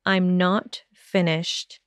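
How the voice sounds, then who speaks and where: A woman voicing a cold, arrogant teenage wizard boy, low and harsh in a sneering manner, for a fan audiobook. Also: flat delivery, very slow, no room sound, studio quality. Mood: tense.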